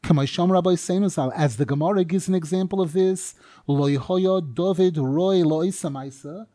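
A man teaching a Torah class. He reads each phrase of the text in a chanting tone, then explains it with animated rhetorical questions. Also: sits high, moderate pace.

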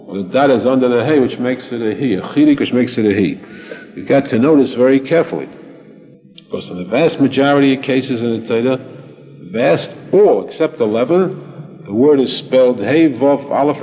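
A man teaching a Torah lecture, speaking deliberately and repeating phrases for emphasis, with Hebrew terms mixed in. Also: medium pitch. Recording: dull lo-fi recording with long reverb and faint music.

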